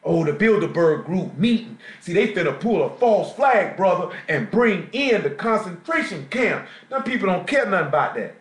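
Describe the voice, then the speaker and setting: In a church assembly room, a man with a Southern US accent from Jacksonville, Florida, preaches a slangy street-talk sermon, frequently asking the congregation questions. His high voice has lively intonation, normal speed, and few pauses. The live stream audio is echoey.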